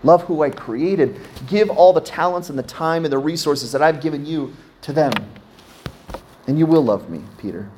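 A man's voice: fairly high pitch, animated, moderate pace, darkish tone, a little hiss or hum. A man in his thirties, a pastor preaching a sermon in a conversational way, often asking his congregation questions.

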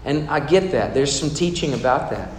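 In a hall full of long reverb and faint room noise, a male pastor preaches a sermon in a conversational style, asking his congregation questions. He speaks at a moderate pace with a medium-pitched, animated voice.

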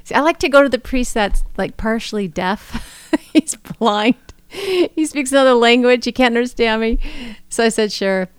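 A woman co-hosting a podcast, telling a story casually with frequent laughter and lively quoted dialogue. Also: a little high, normal speed, clean tone, no room sound. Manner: laughing often, animated retelling with quoted dialogue. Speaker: podcast co-host.

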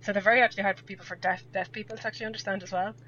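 Podcast guest: woman with a West of Ireland accent, chatty and rambling, bright tone, dull lo-fi sound with faint hum. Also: medium pitch, fairly even intonation, racing. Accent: West of Ireland, Sligo. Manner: chatty, rambling, laughs often. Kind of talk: casual podcast chat.

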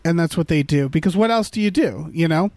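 A man's voice: a little high, lively intonation, brisk, darkish tone, no echo. A man co-hosting a casual movie-review chat, rambling with fillers and restarts. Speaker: podcast co-host.

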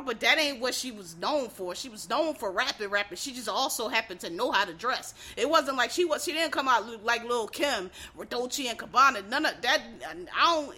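A woman's voice: fairly high pitch, sharp tone. A woman from Philadelphia in a casual, profane monologue, ranting bluntly as a podcast host.

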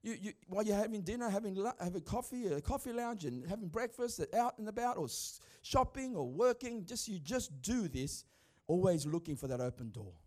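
Middle-aged pastor, high voice, emphatic and chatty from the pulpit. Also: male voice, lively intonation, fairly quick, a little mellow. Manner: emphatic, conversational preaching. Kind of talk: sermon.

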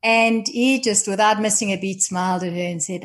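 Woman guest, mid-pitch, gentle and unhurried, thoughtful, with quiet pauses. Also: steady tone. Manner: gentle, thoughtful, trailing off softly. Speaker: guest, contemplative prayer practitioner. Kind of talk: reflective conversation.

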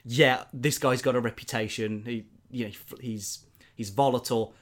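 A man's voice: medium pitch, steady tone, moderate pace. A man, casually and animatedly retelling a film plot, rambling with lots of fillers.

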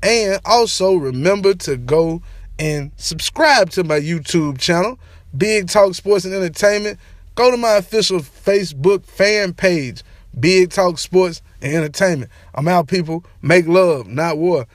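A young man ranting casually to camera as a sports and entertainment vlogger, slangy and animated, repeating his catchphrases. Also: sits high, unhurried, dry recording, studio quality. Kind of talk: casual opinion rant to camera.

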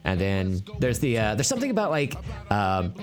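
A man's voice: lowish voice, huge pitch swings, moderate pace, faint music behind. A man co-hosting a podcast, chatting casually and joking around with frequent laughter. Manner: jokey, playful, often laughing. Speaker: podcast co-host. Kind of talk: casual comedic chat.

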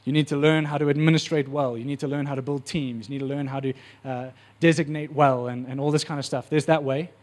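A man preaching a sermon, telling stories with animated energy and acting out the voices. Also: medium pitch, fast talker, few pauses.

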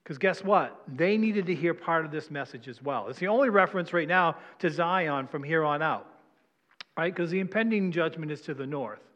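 Man, pastor, conversational sermon, slightly high pitch, long hall reverb. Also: lively intonation, normal speed, a bit bright, lo-fi sound. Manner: conversational preaching, asks congregation questions. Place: church sanctuary.

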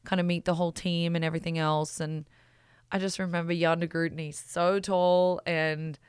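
An Australian woman tells a personal story in a loose, chatty monologue. Her voice sits a little low and sounds smooth and clear. The sound is dry and close, and she talks in an animated way, packed with "like" and "you know". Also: moderate pace, no room sound.

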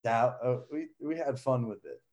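A man's voice: mid-range voice, moderate pace. Laughing man telling a story. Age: adult. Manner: animated, laughs often, many fillers. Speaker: guest, son of a wrestler. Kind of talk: casual storytelling.

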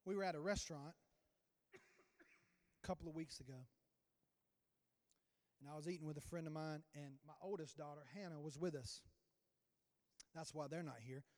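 A man preaching a sermon as a pastor, telling a story with sudden swings in loudness. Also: a little high, normal speed, pauses often. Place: church sanctuary. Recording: long church reverb.

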